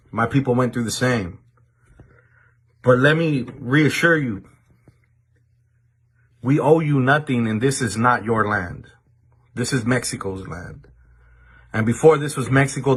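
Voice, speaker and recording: A man from the Los Angeles area speaking straight to his viewers in a monologue, with a deliberate warning tone and frequent repeated words as he restarts sentences. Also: mid-range voice, fairly bright tone, breathy edge. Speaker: commentator addressing viewers. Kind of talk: direct-to-camera monologue.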